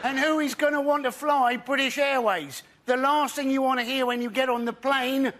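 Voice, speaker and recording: A male comedian doing a stand-up routine, telling jokes in a deadpan way with mock quotes. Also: extremely high pitch, normal speed, few pauses, slight background noise.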